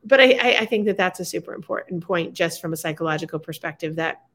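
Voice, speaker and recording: A woman's voice: fairly low pitch, lively intonation, fast, a bit bright. A woman hosting a live show, talking in a chatty, rambling way with many fillers and restarts. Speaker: show host. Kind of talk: casual chat on a live show.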